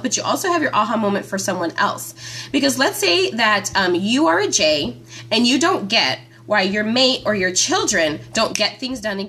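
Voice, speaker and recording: A woman hosting a live stream from her phone, chatting with viewers by name in a chatty, excitable way. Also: on the high side, slight background noise. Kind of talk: casual live-stream chat.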